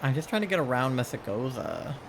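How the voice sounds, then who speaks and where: A man's voice: medium pitch, animated, a little fast, noisy background. A man giving rambling, playful, casual commentary while live-streaming a video game from a home setup, sounding a little sleepy. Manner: rambling, chatty, playful, with laughs and squeals. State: sleepy, yawning.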